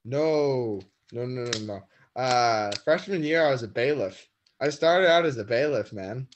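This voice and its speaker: A teenage boy talks loosely as a podcast guest, pitched in a middle range and full of ums and self-deprecating asides. He sounds relaxed and unhurried. He is heard over a video call with some noise in the background. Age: teens. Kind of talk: casual chat. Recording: noisy video call audio.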